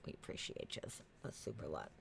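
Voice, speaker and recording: A woman with an East Coast accent co-hosting a podcast livestream, chatty and excitable, swearing casually. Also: brisk, slight background noise. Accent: American East Coast. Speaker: podcast co-host.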